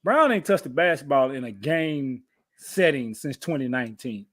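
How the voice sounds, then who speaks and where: A man's voice: mid-range voice, expressive, moderate pace, fairly bright tone. A man in his thirties co-hosting a podcast, chatting casually about sports, boastful and trash-talking, repeating his lines. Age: 30s. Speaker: podcast co-host.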